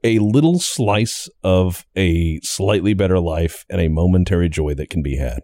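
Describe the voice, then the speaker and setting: A man hosting a casual podcast chat, animated and acting out little quoted exchanges. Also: deep voice, normal speed, dry recording, clean studio sound. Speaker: podcast host.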